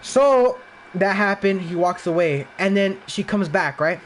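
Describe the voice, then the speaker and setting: A man's voice: high voice, lively intonation, unhurried, slight background noise. A young man from the Los Angeles area, a podcast guest, telling a rambling, profane personal story in casual chat, full of "like" and restarts. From Los Angeles area, USA.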